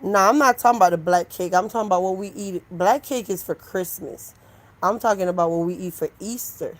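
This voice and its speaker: A Jamaican woman hosting a live stream chats casually with her viewers and answers their messages. Her voice is lowish and a little fast, and the recording is rough. She's animated, talks back to chat, and slips into mocking voices.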